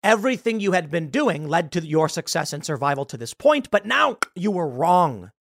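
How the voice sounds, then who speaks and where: A man delivers an opinion monologue in a lively, up-and-down voice with a gravelly edge. His tone is lecturing and sarcastic. The sound is dry and close. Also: a little high, normal speed, dry recording. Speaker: political commentary host.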